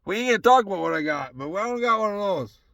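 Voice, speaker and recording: A young man talks alone from his truck, ranting loosely and swearing at every turn. His voice sits high and has a gravelly edge. The sound is dry and close, with no room echo. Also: animated, fast talker, fairly bright tone. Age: young adult. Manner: profane, rambling, heated. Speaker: solo podcast host. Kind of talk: casual solo rant.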